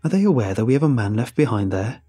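A man's voice: medium pitch, sing-song, quick pace, dark tone, slightly rough, soft background music. A man voicing a stern, loyal military captain who talks in a firm, commanding way.

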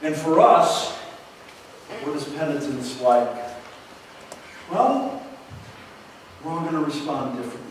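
A man preaching a sermon in a church, unhurried, with dramatic pauses and rhetorical questions. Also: fairly high pitch, expressive, a little hiss or hum. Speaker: pastor. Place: church sanctuary. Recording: echoey hall from far off.

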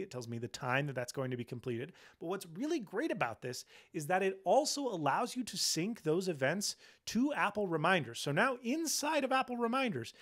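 A young man hosting a tech channel, casually and enthusiastically demonstrating software while sounding tired and low on energy.

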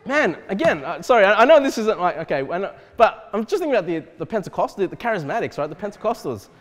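Male pastor, expressive preaching, wide-ranging pitch, reverberant church sound. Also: fast. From Australia. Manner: animated, repeatedly checks in with "okay?". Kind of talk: expository sermon.

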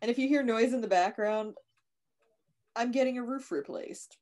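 A woman's voice: on the high side, normal speed, a little mellow. A woman in her forties co-hosting a casual chat, laughing often as she talks. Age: 40s. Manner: giggly, chatty. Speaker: co-host.

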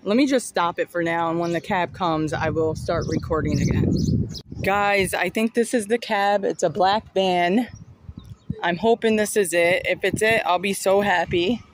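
A woman's voice: on the low side, moderate pace. A woman vlogger talking straight to her viewers, chatty and rambling, recorded outdoors on a phone. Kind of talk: casual vlog talk to camera. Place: outdoors by a street and train station. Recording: outdoor street noise and passing vehicles.

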